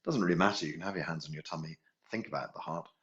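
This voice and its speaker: A man teaching a healing class, gently guiding breathing and chanting tones. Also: very deep voice, muffled recording. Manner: slow, gentle guidance with sung tones. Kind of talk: guided meditation class.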